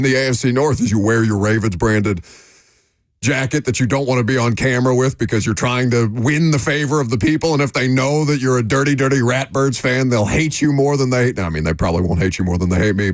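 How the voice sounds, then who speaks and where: A man hosting a sports radio show who ribs his co-host with dry, deadpan teasing. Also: mid-range voice, no room sound. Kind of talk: casual sports radio banter. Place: radio studio.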